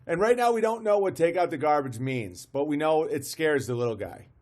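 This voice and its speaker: A man's voice: a little high, sing-song, moderate pace, darkish tone. A man streaming live, commenting on a video with amused disbelief, often restarting his sentences. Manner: amused, incredulous, restarts and laughs.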